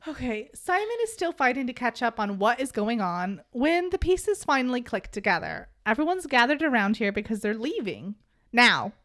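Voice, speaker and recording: Lively woman recapping a story. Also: a little high, moderate pace. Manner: animated, joking, swears casually. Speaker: podcast host recapping a book. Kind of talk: casual chat and recap.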